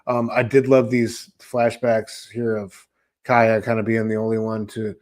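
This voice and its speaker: A man's voice: fairly low pitch, little pitch movement, a little slow, darkish tone. A man co-hosting a casual comic book podcast, laid-back, saying "dude" and "man" a lot and filling gaps with "um" and "uh.". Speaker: podcast co-host.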